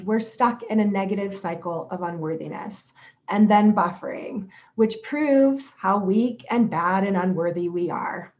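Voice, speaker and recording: A woman speaking in a gentle, reflective and steady way, giving a calm self-help talk about self-compassion. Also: mid-range voice. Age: adult parent. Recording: slightly dull lo-fi audio.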